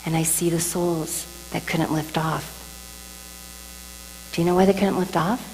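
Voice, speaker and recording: A woman speaks to a live audience about a deeply personal experience, turning to them with questions and sometimes sinking to a hushed whisper. Her voice carries with a long hall reverb, and a faint mains hum runs underneath. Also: unhurried. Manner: animated, addresses the audience with questions, drops to whispers. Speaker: speaker telling a near-death story to an audience. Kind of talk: emotional testimony talk.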